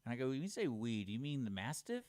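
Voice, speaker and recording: A man's voice: medium pitch, sing-song, fast talker, a little mellow, no echo. A man, co-hosting a radio talk show, telling funny stories and acting out the dialogue with laughs. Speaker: radio co-host. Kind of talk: casual storytelling.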